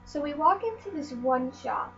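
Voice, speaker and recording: A woman's voice: high-pitched, expressive, normal speed, a bit bright. A teenage girl vlogger telling stories from her life in a rambling, meandering way, full of "like" and "um". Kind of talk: casual storytelling vlog. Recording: dull lo-fi audio with faint mains hum.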